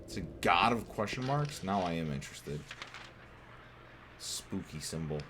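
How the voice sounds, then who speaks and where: Deep-voiced man joking through a game. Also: expressive, a little slow, noisy background. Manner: joking, talks to the game characters, swears when frustrated. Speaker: gameplay streamer. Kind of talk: casual let's-play commentary.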